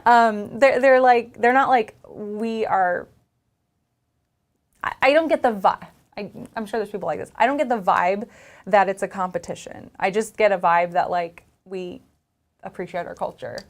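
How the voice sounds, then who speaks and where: A woman's voice: mid-range voice, moderate pace. Chatty woman, casual podcast guest, easy laugh, frequent restarts. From California. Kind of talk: casual chat.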